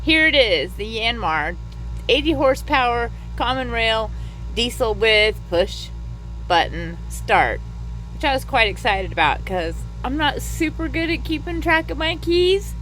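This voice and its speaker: Brief: chatty woman narrator, bright and animated, faint music. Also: on the high side, measured pace, poor audio. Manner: upbeat, chatty. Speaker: vlogger narrating a boat refit. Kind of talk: voice-over narration.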